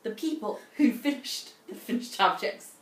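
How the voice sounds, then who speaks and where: A woman's voice: on the high side, normal speed. Chatty mother, roomy sound. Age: middle-aged. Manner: chatty, rambling with many fillers and restarts. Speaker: podcast co-host, mother. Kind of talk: casual chat. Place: home in Scotland. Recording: roomy echo, faint noise.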